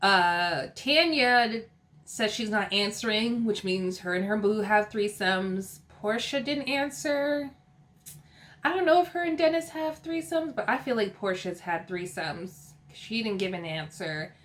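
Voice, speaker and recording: A woman's voice: mid-range voice, a bit bright. A young woman from California giving a chatty, opinionated recap of a TV episode, laughing often as she talks. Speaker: TV recap host.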